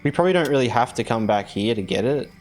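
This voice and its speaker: A man's voice: medium pitch, lively intonation, fast talker, darkish tone. Rambling man chatting over game music. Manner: rambling, filler-heavy, self-correcting. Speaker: game streamer. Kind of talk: casual live-stream chat while playing.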